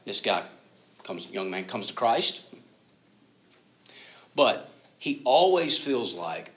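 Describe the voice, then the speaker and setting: A man preaching a sermon, telling stories, acting out the voices he quotes and sometimes dropping to a hush. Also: on the low side, normal speed, long pauses. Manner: animated storytelling preacher, acts out quoted voices, drops to hushed tones. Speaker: pastor.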